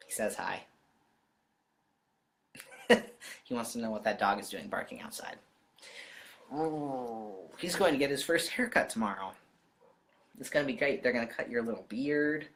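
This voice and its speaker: A man's voice: mid-range voice, a bit bright. A man chatting casually on a live stream from home, answering viewer comments directly, his voice wearing out.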